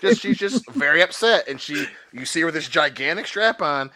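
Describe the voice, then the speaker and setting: A man's voice: fairly high pitch, animated, moderate pace, no echo. A man co-hosting a pop culture podcast in loose, crude comic banter, laughing often. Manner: loud laughing, bursts into mock voices. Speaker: podcast co-host. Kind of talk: casual comedic banter.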